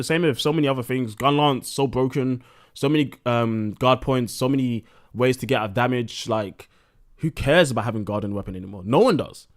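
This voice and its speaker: A man's voice: mid-range voice, a little fast. A young man streaming live, talking a little drunk with slightly slurred words and ranting bluntly with plenty of swearing.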